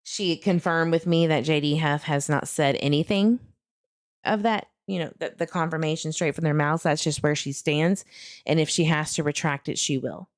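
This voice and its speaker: A woman's voice: low voice, steady tone, moderate pace, no echo, studio quality. A woman hosting a true crime channel, talking casually and with frustration to her viewers while she searches online. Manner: frustrated, talks to viewers, laughs between remarks.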